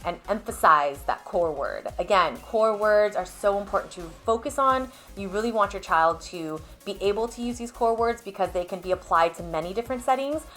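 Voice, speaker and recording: A woman's voice: medium pitch, animated, fairly quick, few pauses, a bit bright, soft background music. Woman speech therapist explaining patiently. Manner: clear, patient explaining with examples. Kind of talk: instructional video talk to parents.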